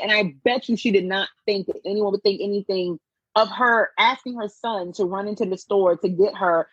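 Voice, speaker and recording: A woman co-hosting a casual chat, animated and acting out what others said. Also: moderate pace, slightly rough, dry recording, lo-fi sound. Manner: animated, acts out quotes with big pitch jumps. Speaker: podcast co-host.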